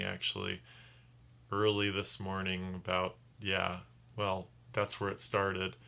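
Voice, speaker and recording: A man's voice: lowish voice, creaky, pushed and bright. A tired man telling a casual vlog story as a rideshare driver, rambling and often restarting his sentences. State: tired from little sleep.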